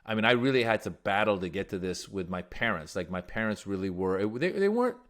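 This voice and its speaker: Man from iran, low voice, animated casual storytelling, comedian guest. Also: quick pace.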